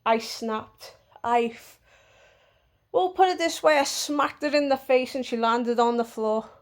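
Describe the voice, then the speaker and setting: A woman's voice: fairly high pitch, unhurried. A woman telling a storytime vlog bluntly, with plenty of swearing. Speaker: vlogger.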